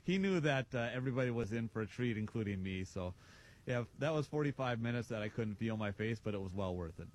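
A man in his fifties, a sheriff appearing as a guest, chatting casually and answering in brisk, short replies. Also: mid-range voice, animated. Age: 50s. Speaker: county sheriff, show guest. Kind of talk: casual radio chat.

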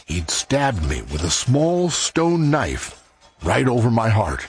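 A man narrating his own story in an audio drama, folksy and unhurried, acting out his scenes with emotion. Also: medium pitch, wildly swooping pitch. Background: music.

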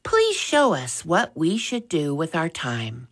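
A woman's voice: deep voice, huge pitch swings, slow pace, slightly rough, full character voice. A woman voicing an eager, polite young boy in a children's story. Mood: earnest. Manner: eager, respectful.

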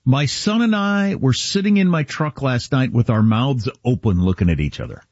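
A man's voice: medium pitch, expressive, moderate pace, darkish tone, no echo, dull audio. A man from Kansas telling a story in casual talk-show chat, quoting dialogue as he goes.

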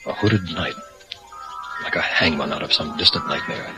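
Nervous young man, very low voice, hesitant, radio play with music under. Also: moderate pace, low-quality recording. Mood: musing. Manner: hesitant, uneasy, talks to himself. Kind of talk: radio drama acting.

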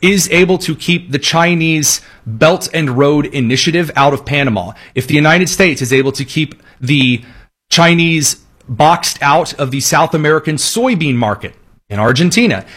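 A man hosting a solo political commentary show, talking emphatically with sarcastic asides. His voice sits somewhat high for a man, and his delivery stays pointed and opinionated. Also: lively intonation, normal speed, a bit bright, breathy edge.

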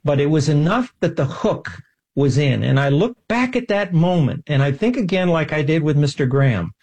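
Man, interview guest, husky voice, a bit high, earnest, enthusiastic. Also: lively intonation, normal speed, darkish tone. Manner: earnest, enthusiastic, self-deprecating. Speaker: guest, scientist. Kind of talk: casual storytelling interview.

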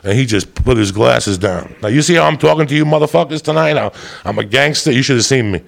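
A man doing stand-up, telling a loud, profane, rambunctious story to a live audience. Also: medium pitch, lively intonation, quick pace, gravelly. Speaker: stand-up comedian. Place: stage before a live audience.

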